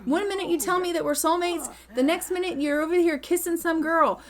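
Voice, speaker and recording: A woman's voice: extremely high pitch, animated, a little fast, sharp tone, voice pushed up, exaggerated voice. A woman voicing a furious young woman betrayed by her lover, scolding her in an indignant way.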